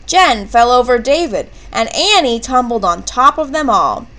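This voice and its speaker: Woman narrator for a kids' picture book, high and animated, unhurried. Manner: expressive, character voices with excited shouts. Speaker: reader. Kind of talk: children's book read-aloud.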